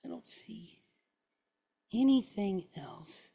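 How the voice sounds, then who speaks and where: A woman's voice: medium pitch, animated, takes it slowly, gravelly, dark tone, dry recording. A middle-aged woman teaching a Hebrew class, explaining step by step and checking in with the room after each point. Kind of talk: classroom lesson.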